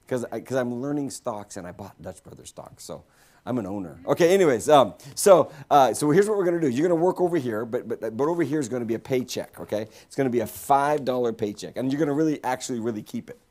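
A man gives a guest sermon in a church sanctuary, joking with the congregation and bringing people up to take part. His medium-pitched voice is expressive, quick, and darkish, and his playful manner makes it a humorous, interactive sermon.

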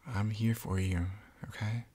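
A man in a whispered role-play, speaking gently and reassuringly as a supportive roommate. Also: on the low side, fairly even intonation, unhurried, breathy edge, no echo. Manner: gentle, reassuring, soft-spoken. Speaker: ASMR roleplayer.

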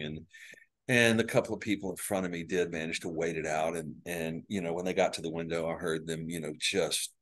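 A man's voice: rumbling low, a bit bright. A male psychologist, a podcast guest, telling personal stories earnestly with lots of filler words. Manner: earnest anecdotal storyteller with frequent fillers. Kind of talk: podcast interview storytelling.

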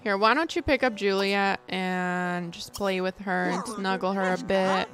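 A young woman giving casual let's-play commentary, chatty and excitable, squealing at cute moments. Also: medium pitch, unhurried, over music. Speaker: gaming video creator.

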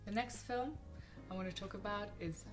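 Medium-pitched and speaking at normal speed, this young woman talks over faint music behind her. As a film vlogger, she gives casual film recommendations to camera, gushing about her favourites in a chatty way full of ums and restarts.

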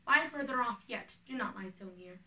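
A modest, gentle young woman, read by a woman in earnest verse. Her bright, fairly high voice sits a little back from the mic. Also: expressive, normal speed, far from the mic, low-quality recording. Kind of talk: reading a play aloud.

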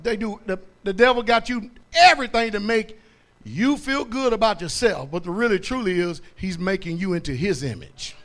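A high-pitched male pastor delivering a sermon in a blunt, colloquial way. He keeps asking his congregation to finish verses and climbs to loud, emphatic preaching. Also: expressive, normal speed.

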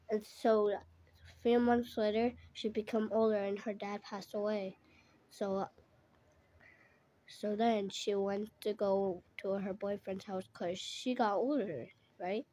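A woman's voice: mid-range voice, steady tone, takes it slowly, dark tone, slight background noise. A woman telling an improvised story in a rambling way, often stopping to correct herself.

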